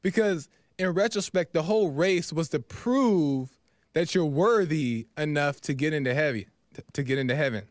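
A man's voice: fairly high pitch, normal speed, no room sound, clean studio sound. Earnest man retelling a parable. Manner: earnest, repeats himself, filler "right?". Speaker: podcast host. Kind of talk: storytelling reflection.

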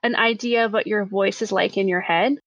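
A woman's voice: medium pitch, fairly even intonation, fairly quick, dry recording, highs cut off. A nasal-voiced woman in her thirties, co-hosting a podcast in chatty, self-mocking casual talk. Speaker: podcast co-host. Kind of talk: casual chat.

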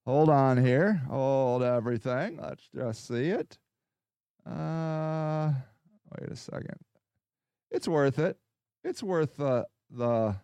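A man's voice: on the high side, a little mellow, no room sound. A male podcast host in a rambling, casual livestream chat, reacting to viewer comments as he goes.

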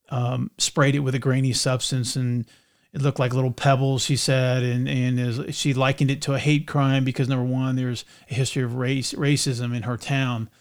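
A middle-aged man from North Carolina, co-hosting a podcast in a rambling, casual way, full of fillers and restarts. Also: medium pitch. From North Carolina, USA. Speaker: podcast co-host. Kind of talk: casual chat.

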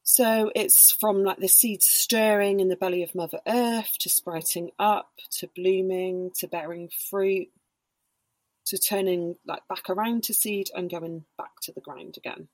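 A woman guest on a casual podcast chat, explaining slowly with lots of hedging fillers. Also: mid-range voice, steady tone, a little mellow, no echo. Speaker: podcast guest, Reiki practitioner and embodiment coach.

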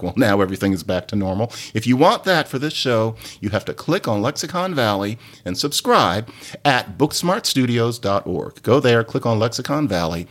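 A man hosting a podcast, giving a playful, digressive explanatory monologue. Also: a bit bright. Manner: playful, digressive lecturing with sudden pitch jumps. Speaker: podcast host.

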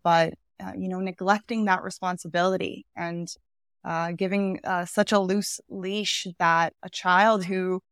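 A woman hosting an interview, offering her own thoughts in a relaxed, filler-heavy way. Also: lowish voice, measured pace, smooth, no echo, clean studio sound. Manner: thoughtful, with many fillers like "you know" and "um". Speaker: podcast host. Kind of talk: conversational interview commentary.

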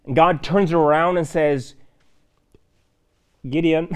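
A man preaching a sermon in a church, conversational and lively, with fillers and asides. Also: on the high side, slow, pauses often. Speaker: pastor.

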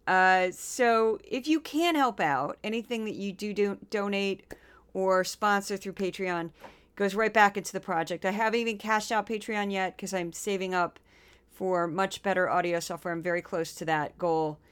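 A woman from Missouri hosting a podcast, talking casually with quick asides and then reading a scripted narration. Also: mid-range voice, fairly bright tone, clean tone. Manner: chatty, quick asides, playful impressions. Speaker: podcast host.

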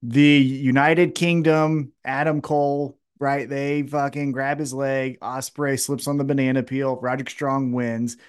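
A man co-hosting a casual podcast, pitching wrestling storylines and acting out the wrestlers' lines with plenty of swearing. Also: a little slow, hardly any pauses, smooth. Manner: animated, profane, acts out wrestlers' lines. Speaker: podcast co-host. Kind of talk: casual wrestling booking chat.

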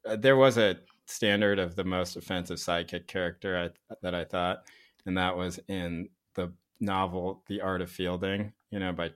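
Podcast co-host, male, low voice, rambling and animated in casual chat. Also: moderate pace. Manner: animated storyteller, full of "like" and "you know".

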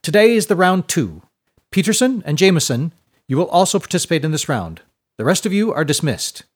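A man's voice: on the high side, sing-song, a little fast, voice pushed up. A man doing a beaming, upbeat school rector. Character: enthusiastic male school rector, older teacher.

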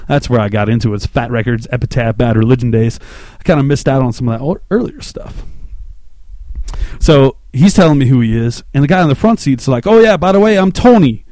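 A man in his thirties from Louisiana, telling a story on his podcast in a rambling, excitable, profane way. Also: mid-range voice, brisk, dry recording. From Shreveport, Louisiana, US. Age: 30s. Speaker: podcast host. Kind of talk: casual storytelling monologue.

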